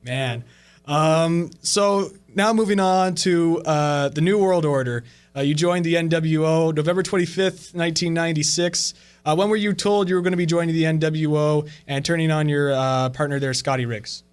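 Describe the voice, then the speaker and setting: A man's voice: fairly high pitch, steady tone, moderate pace, clear, resonant tone. Hesitant male podcast host asking questions. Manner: hesitant, many "uh" fillers between questions. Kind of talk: interview questions.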